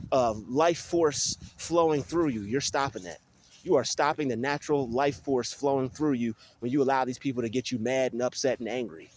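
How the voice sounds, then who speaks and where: A young man vlogging on his phone while walking outdoors in a field, talking in an animated, ranting way with many restarts. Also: medium pitch. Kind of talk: casual vlog monologue. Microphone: phone held while walking.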